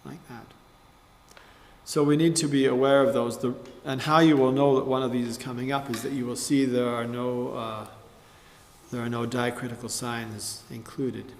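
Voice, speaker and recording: In a roomy space with long reverb, a man teaches psalm chanting through a measured spoken tutorial, now and then breaking into short sung examples. His voice is mid-range with little pitch movement.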